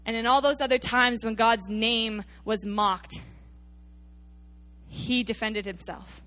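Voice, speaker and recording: A woman preaches to her congregation, her voice sitting a little higher than most. She retells scripture in an emphatic storytelling way, sometimes sinking into quiet, intense delivery. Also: steady tone, slow. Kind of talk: sermon.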